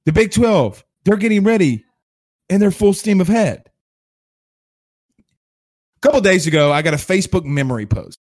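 High-voiced fired-up sports host. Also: male voice, sing-song, moderate pace, long pauses, darkish tone. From Louisiana, USA. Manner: fired-up, combative, sarcastic. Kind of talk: livestream sports rant.

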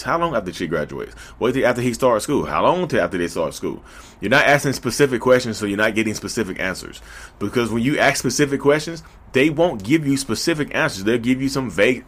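A man's voice: mid-range voice, quick pace. Male podcast host, Southern drawl, casual and repetitive delivery. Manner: animated, repetitive, talks to listeners directly. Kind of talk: casual monologue.

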